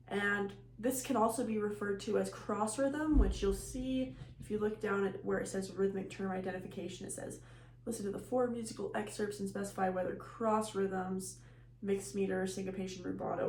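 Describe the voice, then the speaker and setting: A music teacher explains rhythm terms in simple language and counts beats aloud in a recorded lecture. She speaks at normal speed with a medium pitch and darkish tone, and the room is echoey with a faint hum.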